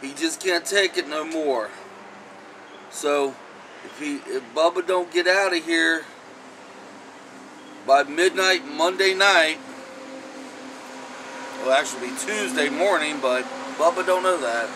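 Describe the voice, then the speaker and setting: A man's voice: a little high, slow, pauses often, bright, forceful tone, a little hiss or hum, poor audio. A man hosting a comic vlog skit, rambling and acting out phone calls. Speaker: comedy vlog host.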